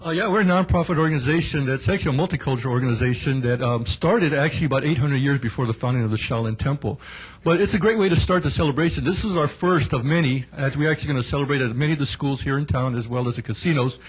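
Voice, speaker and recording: A man representing his organization, giving a quick, rushed speech at a council meeting. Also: mid-range voice, husky, rough recording. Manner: fast, rushed delivery.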